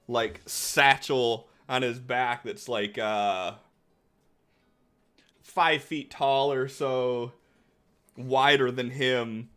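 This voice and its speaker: Slow-narrating male game master. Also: mid-range voice, smooth. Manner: relaxed, filler-heavy narration.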